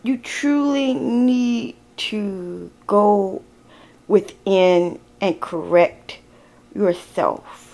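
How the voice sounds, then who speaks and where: A woman's voice: medium pitch, drawn-out words, vocal fry, mellow. A woman giving a casual tarot reading, talking bluntly and with exasperation, swearing as she addresses the viewer directly. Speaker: tarot card reader.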